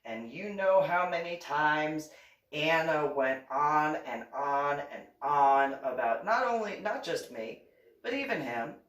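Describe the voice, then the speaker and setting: A woman's voice: low-pitched, animated, slow, echoey room, far from the mic. A woman hosting her own channel, talking in a casual monologue, laughing often and mocking others with put-on quotes.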